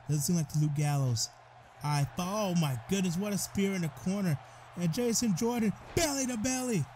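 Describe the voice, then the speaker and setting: Excitable man calling wrestling game action. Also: on the high side, slight background noise. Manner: excitable, frequent "oh goodness" exclamations. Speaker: gaming commentator. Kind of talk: play-by-play wrestling game commentary.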